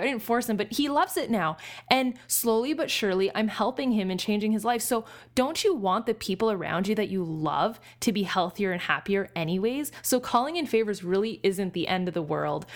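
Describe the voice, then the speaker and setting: Fast-talking energetic woman coach. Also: on the high side. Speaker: business coach. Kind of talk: coaching podcast talk.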